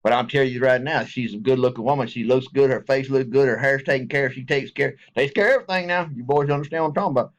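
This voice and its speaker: A man's voice: medium pitch, quick pace, hardly any pauses, highs cut off. A middle-aged man, talking casually and joking around in a rambling, folksy way to his viewers. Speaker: vlogger. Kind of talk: casual direct-to-camera talk.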